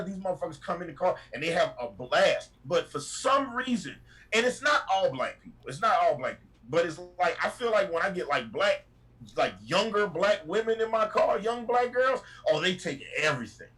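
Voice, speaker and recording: Husky, animated man ranting. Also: high-pitched. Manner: animated, profane, laughing storyteller. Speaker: podcast co-host and rideshare driver. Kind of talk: casual ranting chat.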